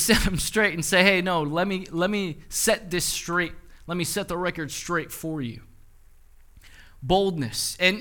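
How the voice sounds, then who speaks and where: Young pastor guy preaching, kinda high bright voice, acts out the quotes. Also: smooth. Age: 20s. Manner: animated storytelling with quoted dialogue. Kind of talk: sermon.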